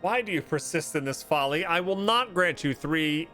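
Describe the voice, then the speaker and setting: A man's voice: fairly high pitch, animated, moderate pace, bright, forceful tone, pitched above the performer's own voice. A man voicing a stern, proud male knight commander who speaks in formal, commanding, archaic phrases over faint game music.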